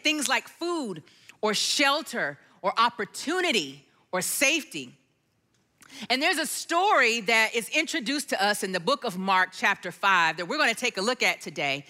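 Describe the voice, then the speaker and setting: Lively, bright-voiced woman preacher. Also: on the high side. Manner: storytelling, animated, acts out quotes. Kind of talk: sermon with personal story.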